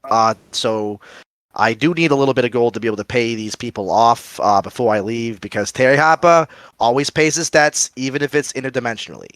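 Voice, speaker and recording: A man playing a goofy modern American man lost in a fantasy world, excitable and joking. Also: mid-range voice, a little fast, dry recording, lightly acted. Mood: casual.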